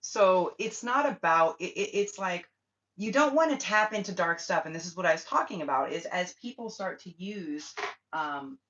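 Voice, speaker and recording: A woman's voice: on the low side, expressive, normal speed, fairly bright tone. A woman hosting a spiritual livestream, talking bluntly and swearing often as she rants to her viewers. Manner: blunt, profane, ranting. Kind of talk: casual livestream chat. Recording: dull lo-fi livestream audio.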